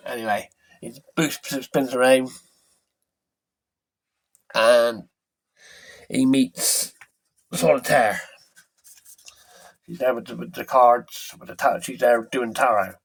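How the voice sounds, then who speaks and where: A man's voice: medium pitch, fairly even intonation, takes it slowly, gravelly, long pauses, husky. A man casually retelling a film's plot from memory, rambling and correcting himself as he goes. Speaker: film reviewer. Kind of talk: casual film recap.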